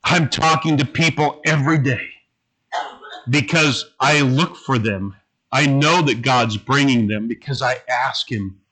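Slow, earnest preaching man. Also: medium pitch, sharp tone, poor audio. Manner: earnest, slow and halting, with restarts. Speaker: pastor. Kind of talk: sermon.

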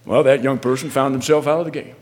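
A male minister preaching a sermon, swinging from loud, pressing questions to quiet asides and often repeating his words. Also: medium pitch, fairly even intonation, fast, big-room sound.

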